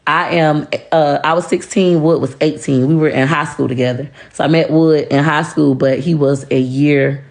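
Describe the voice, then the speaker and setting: This woman's voice sits low with a darkish tone, fairly even intonation, and a moderate pace with few pauses. A social media personality, she gives a profane, confrontational to-camera rant, bluntly and emphatically lecturing listeners.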